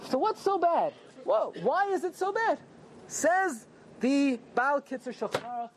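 A man's voice: very high-pitched, slight background noise. A man teaching an evening Torah class to a small live group, joking and firing questions at them. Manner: animated, questioning the audience and joking. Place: small room with a live audience.

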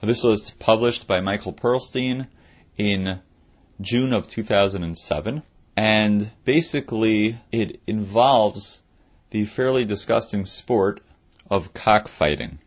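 A man's voice: fairly low pitch, slow pace, highs cut off. A man teaching, reading passages from a text aloud and then explaining them in a plain conversational way. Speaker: Torah teacher.

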